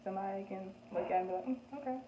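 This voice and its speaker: A woman's voice: medium pitch, rapid-fire. A young woman vlogger chatting candidly through get-to-know-me questions, with lots of "like" and "um" and frequent laughs. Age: young adult. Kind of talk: casual chat. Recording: echoey room, tinny phone-like sound, faint background noise.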